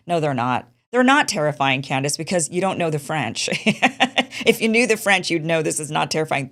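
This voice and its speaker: A woman's voice: sits low, expressive, fairly quick. A woman hosting a show, giving casual political commentary in a chatty, dismissive way and repeating her points. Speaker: show host.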